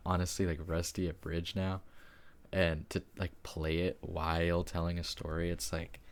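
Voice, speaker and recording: A young man, a student, chatting casually and rambling with lots of fillers as he plays a game late at night. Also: sits low. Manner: rambling, hesitant, full of likes. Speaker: gaming YouTuber. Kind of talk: casual chat while playing a game.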